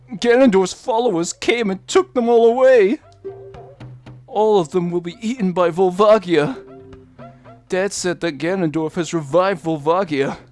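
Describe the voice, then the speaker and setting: A man doing a little Goron boy from a video game, frightened yet eager, who talks in a soft and gentle crying voice. Faint game music plays underneath. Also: sits high. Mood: tearful. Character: small tearful Goron boy, eager and scared.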